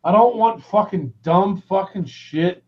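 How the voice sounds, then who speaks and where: A man hosting a livestream in a casual rant, loud and excitable, swearing constantly and shouting people's names. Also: sits high, a little slow, dull audio. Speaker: livestream host.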